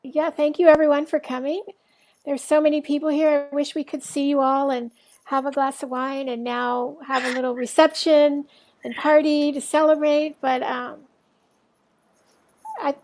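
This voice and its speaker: High-voiced woman hosting a reading. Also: level tone, low-quality recording. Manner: warm, halting, many fillers. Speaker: event host. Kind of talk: casual closing remarks.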